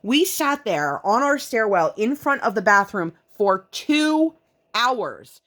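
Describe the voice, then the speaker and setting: A woman chatting casually at home while she crafts, venting and telling her story in an animated way. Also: fairly high pitch, slow. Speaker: vlogger and mother.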